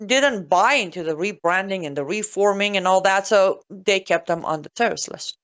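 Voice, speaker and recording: Female commentator, sarcastic and emphatic, mid-pitched voice. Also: fairly bright tone. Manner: sarcastic, emphatic, repeats points for stress. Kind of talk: solo political commentary.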